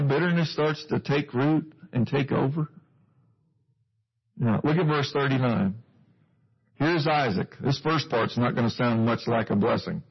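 Husky male preacher, earnest. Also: mid-range voice, moderate pace. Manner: earnest, questioning the listeners. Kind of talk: sermon. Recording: dull lo-fi recording.

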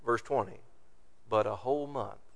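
A man's voice: mid-range voice, moderate pace, vocal fry. A man preaching a sermon, reading scripture aloud and acting out the complaints of the people. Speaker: pastor.

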